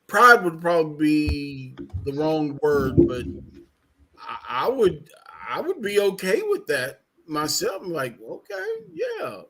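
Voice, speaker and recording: A man's voice: fairly high pitch, sing-song, slow pace, sharp tone, a little hiss or hum, low-quality recording. A man joining a podcast chat by call, hesitant and joking. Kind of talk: casual chat. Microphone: remote call mic.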